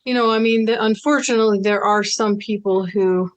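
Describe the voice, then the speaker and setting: Measured woman podcast host. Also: medium pitch, fairly even intonation. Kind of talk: conversational interview.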